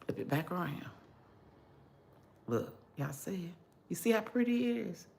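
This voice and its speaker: A woman's voice: fairly low pitch, lively intonation, normal speed, creaky, darkish tone, a little hiss or hum. An older woman hosting a casual cooking livestream, chatty and homey, talking straight to her viewers through a phone. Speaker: cooking channel host.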